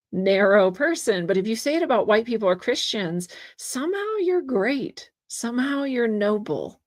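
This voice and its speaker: A woman's voice: medium pitch, no echo, clean studio sound. A woman hosting her own show, reading out articles and commenting in a chatty way, laughing often between points. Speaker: podcast host.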